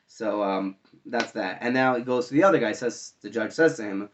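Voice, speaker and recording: A man's voice: on the low side, moderate pace, muffled recording. A man arguing his views in a casual, rambling monologue to his viewers, with frequent fillers and restarts. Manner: conversational, argumentative, many fillers and restarts. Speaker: online commentator.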